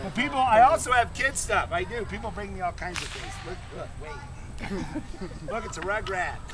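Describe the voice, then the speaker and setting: A man in his fifties doing a live crowd-work comedy show at a fair, bantering loudly and chuckling at his own jokes. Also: high voice, expressive, moderate pace, poor audio. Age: 50s. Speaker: street comedy performer. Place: outdoors at a busy renaissance fair. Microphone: handheld camera in the audience. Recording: loud outdoor crowd on a windy day.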